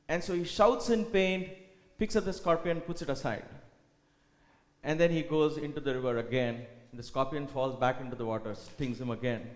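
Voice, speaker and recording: Man giving a spiritual talk in an echoey hall. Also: mid-range voice. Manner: earnest, animated storytelling with quoted dialogue. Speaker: spiritual speaker at a retreat. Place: retreat hall. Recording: echoey hall with long reverb.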